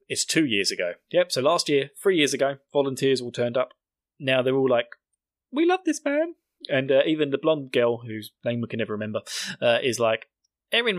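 A man's voice: mid-range voice, no echo. A young British man hosting a podcast, recapping an episode in a jokey, sarcastic, rambling way. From Britain. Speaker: podcast host.

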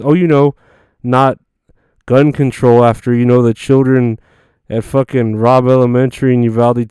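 A man's voice: medium pitch, mellow, clean tone, dry recording, studio quality. A man hosting a podcast, delivering a crude, sarcastic comedy rant that rambles with lots of fillers. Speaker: podcast host.

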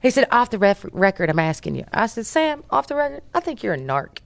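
An American woman, a business founder, telling a story as a podcast guest in a brash, profane, animated way. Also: a little high, a little fast, creaky.

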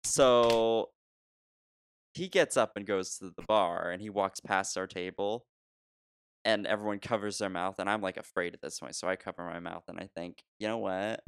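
Man, casual storytelling, low smooth voice, dry close sound, laughs a lot. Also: moderate pace, dry recording. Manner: animated, laughs often, trailing restarts. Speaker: podcast co-host telling a story.

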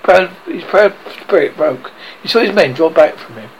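A man narrating an audiobook in an expressive way, now and then stumbling and rereading words. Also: a little high, normal speed, highs cut off, a little hiss or hum. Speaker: reader.

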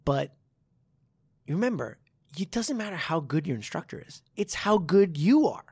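A man who teaches martial arts, talking in a casual podcast chat and telling a story with animated swearing and frequent restarts. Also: fairly high pitch, moderate pace, breathy edge, no echo, clean studio sound.

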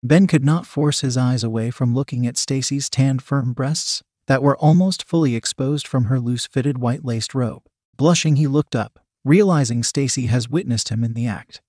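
A man reads an erotic story aloud in a plain, steady voice at a mid pitch. The recording is close and dry, with no room sound around him. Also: normal speed, hardly any pauses, no echo. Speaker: narrator.

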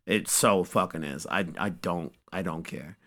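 A man hosting a podcast, giving a casual, profane and joking recap of an episode as an animated storyteller. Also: deep voice, unhurried. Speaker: podcast host.

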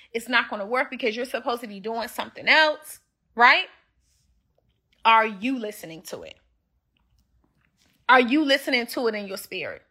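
A woman host giving a motivational talk on a livestream, her voice bright and a little high. She preaches at her listeners and keeps repeating herself to drive each point home. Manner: preachy, repetitive, addresses listeners directly.

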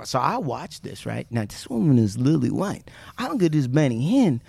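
A man's voice: medium pitch, moderate pace, vocal fry, slightly rough, no room sound. A man hosting a podcast, telling stories in casual chat, joking and swearing as he goes. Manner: animated, profane, joking storyteller. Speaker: podcast host.

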